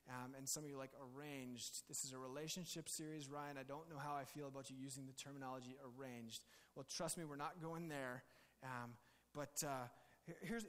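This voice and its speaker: A man's voice: fairly high pitch, fairly bright tone, long reverb tail. A male pastor giving a conversational, jokey sermon with many restarts.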